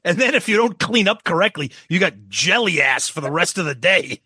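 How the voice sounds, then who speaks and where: A man hosting a podcast in loose banter, cracking jokes and throwing in quick reactions. His voice is bright and lively, a bit above average in pitch, and sounds dry and close to the mic. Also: slightly rough, no room sound. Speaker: podcast host.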